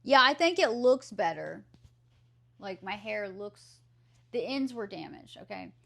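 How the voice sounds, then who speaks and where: A woman's voice: medium pitch, very animated, measured pace, creaky, a bit bright. A woman with a Southern US accent, chatting casually with her live stream viewers and answering their questions aloud.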